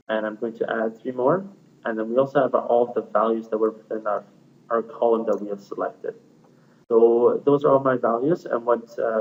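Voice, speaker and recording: A man walks through a software tutorial one step at a time in a plain, unhurried way, dropping in frequent fillers. His voice sits at an ordinary middle pitch. The audio is thin and tinny, as if it came down a phone line. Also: slight background noise. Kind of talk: screencast software walkthrough.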